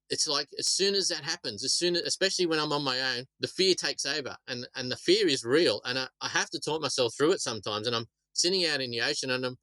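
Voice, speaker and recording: Bright-voiced Australian man telling stories. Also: medium pitch, no room sound, poor audio. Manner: rambling, repeats words, laughs at his own stories. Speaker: shark attack survivor, guest. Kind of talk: casual storytelling interview.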